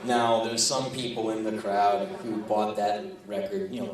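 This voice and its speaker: A man's voice: lowish voice, steady tone, unhurried, few pauses, crowd noise. Sardonic, profane male storyteller on stage. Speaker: spoken word performer. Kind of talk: live spoken word storytelling. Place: large live venue. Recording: echoey live hall, distant, audience laughing.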